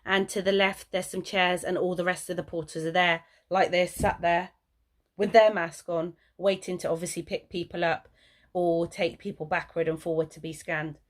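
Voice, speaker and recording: A woman telling a story in a rambling vlog, repeating words and acting out what others said in a higher voice. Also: flat delivery, moderate pace. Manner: acts out quotes in a higher voice. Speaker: vlogger.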